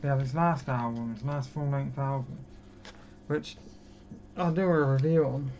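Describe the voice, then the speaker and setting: Young man from Britain, casual rambling vlogger, mid-pitched voice, lo-fi room sound. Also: steady tone, moderate pace, a little mellow. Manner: chatty, self-mocking, rambling. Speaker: record collection vlogger. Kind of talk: casual chat. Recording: dull lo-fi with clear background noise.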